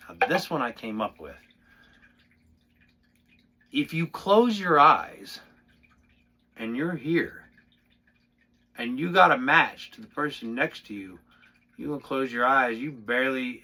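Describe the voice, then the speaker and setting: A man giving a casual drumming lesson, talking through a soft-playing exercise with sudden loud, excited bursts between quieter asides. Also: medium pitch, normal speed. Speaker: drum instructor.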